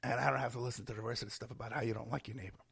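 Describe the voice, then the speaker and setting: Podcast guest, male, hoarse and husky, gravelly edge, animated storyteller. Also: medium pitch, very fast, no echo, clean studio sound. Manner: animated, acts out quoted voices. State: hoarse, losing his voice. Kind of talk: casual storytelling and advice.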